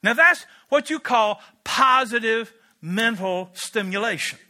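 A male pastor delivers a sermon in a strikingly high, sharp, bright voice. He is emphatic and storytelling, and he drops in casual asides. He leans on key words for emphasis. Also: animated, unhurried.

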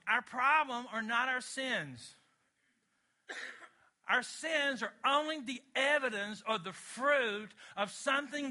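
A man's voice: very high-pitched, pushed and bright. A middle-aged male pastor preaching a sermon, emphatic, with call-and-response to the congregation.

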